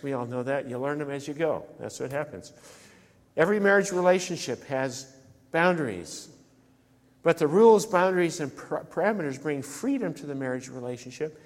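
A man's voice: a little high, animated, moderate pace. A man delivering a sermon as a pastor, talking conversationally and putting rhetorical questions to the congregation. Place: church. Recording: church sanctuary with long reverb.

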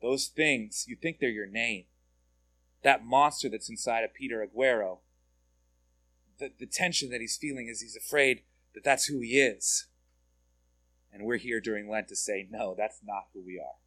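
Man, pastor, conversational sermon, direct questions, medium pitch, dry sound. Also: moderate pace, pauses often, sharp tone, no room sound. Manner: conversational, asks listeners questions, repeats words.

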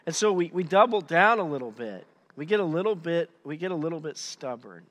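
A man preaching a sermon as pastor, conversational and animated, often restarting his sentences. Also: a little high, brisk, in a large hall.

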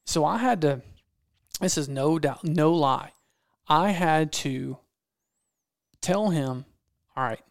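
A man's voice: on the high side, unhurried, pauses often, dry recording, clean studio sound. A man telling a hunting story in casual talk, acting out quotes and repeating phrases for effect. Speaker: podcast guest storyteller, hunting videographer.

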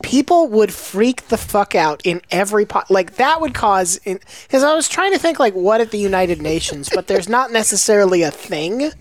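A woman's voice: medium pitch, expressive, moderate pace, hardly any pauses. A woman co-hosting a comedy podcast, swearing freely and laughing often as she jokes. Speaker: podcast co-host. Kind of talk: casual comedic chat.

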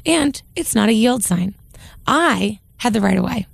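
A woman co-hosting a podcast, retelling a story in a lively, stammering way on a close mic. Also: fairly high pitch, a little slow, gravelly, breathy edge, no echo. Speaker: podcast co-host. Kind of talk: casual storytelling chat.

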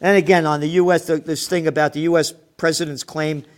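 A man's voice: fairly high pitch, little pitch movement, a little fast. A man ranting angrily about the news, swearing often and mocking the people he quotes. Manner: angry, profane, sarcastic, mocking quoted people. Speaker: commentator.

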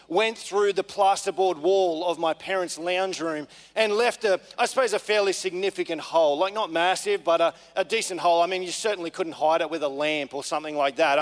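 A pastor preaches in a relaxed, chatty way, full of ums and restarts. His voice sits high for a man. It rings out with the long reverb of a church hall. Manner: relaxed, conversational, many fillers. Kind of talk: sermon with personal story.

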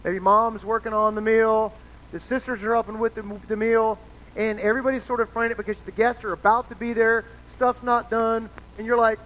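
Man pastor with a high voice, casual sermon delivery, slightly muffled recording. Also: flat delivery, a little fast. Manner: casual, chatty, acts out quoted voices. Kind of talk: conversational sermon. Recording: dull lo-fi sound with faint noise.

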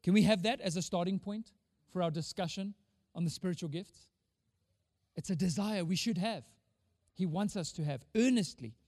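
A man preaches with a high voice, firing off rhetorical questions and repeating words for emphasis. His voice rings with the long reverb of a large hall, though the voice itself stays close and dry. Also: a little mellow. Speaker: pastor. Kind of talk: sermon.

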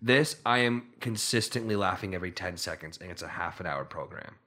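A man's voice: sits low, a little fast, pushed and bright. Rambling Canadian man on a podcast. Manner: rambling storytelling with frequent restarts. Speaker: podcast co-host. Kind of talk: casual podcast chat.

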